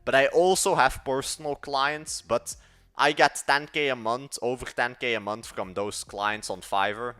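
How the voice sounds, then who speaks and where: A man's voice: medium pitch, sharp tone. An eighteen-year-old man from Belgium with a Dutch accent, rambling casually to his live-stream chat while he codes. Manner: rambling, slangy, talks to chat and mutters while working. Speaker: live-streaming app developer.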